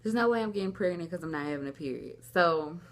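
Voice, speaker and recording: A woman's voice: lowish voice, animated, fast, slight background noise. A young woman vlogging at home, telling a personal story in a rambling, casual way, acting out what people said. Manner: rambling, lots of "like", acts out quoted dialogue. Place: at home, indoors.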